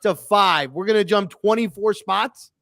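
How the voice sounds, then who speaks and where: A man's voice: high-pitched, unhurried, gravelly, a bit bright. A man co-hosting a sports talk show, teasing his partner and interrupting to push back on his claims. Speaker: sports podcast co-host. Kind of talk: casual sports debate.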